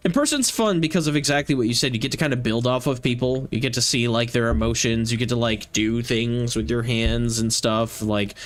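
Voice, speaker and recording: This young man streams games and rambles in casual chat, packing his talk with filler words. His mid-range voice moves fairly quickly, with hardly any pauses.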